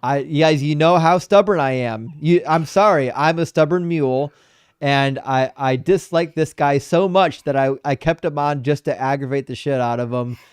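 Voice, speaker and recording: A man hosting a debate livestream, reading out super chats in blunt, profane, animated casual talk. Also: a little high, normal speed, smooth, dry recording, studio quality. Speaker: debate show host.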